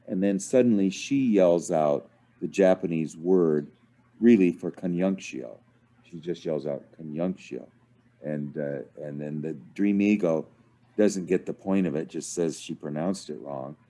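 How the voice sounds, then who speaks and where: A man's voice: low voice, warm tone. A man leading a small online discussion group, talking casually with many fillers and restarts over a video call. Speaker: study group leader.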